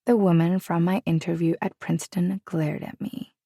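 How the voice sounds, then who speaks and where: A woman narrating a romance audiobook in the first person, with steady, even storytelling. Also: lowish voice, normal speed, gravelly, breathy edge, no echo, clean studio sound.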